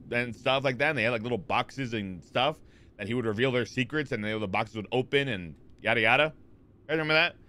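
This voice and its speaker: A man's voice: medium pitch, a bit bright, slight background noise. A man in his twenties chatting casually on a live stream, rambling with lots of fillers and restarts as he answers chat.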